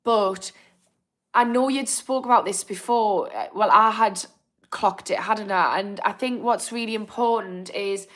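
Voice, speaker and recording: A woman's voice: medium pitch, unhurried, a bit bright. A young woman with a Northern English accent, hosting a live stream and chatting casually while reading out viewer comments. She is apologetic and encouraging and laughs easily. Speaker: livestream host.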